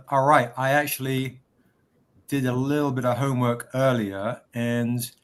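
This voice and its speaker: A man's voice: medium pitch, fairly bright tone. A man hosting a live stream, chatting casually, greeting viewers by name and showing off merchandise. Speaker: livestream host. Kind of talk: casual livestream product pitch.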